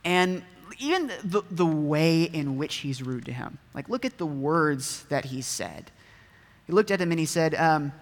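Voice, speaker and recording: A man's voice: a little high, animated, unhurried. A man preaching a casual, conversational sermon, often asking his listeners rhetorical questions. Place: church hall. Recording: echoey hall with long reverb.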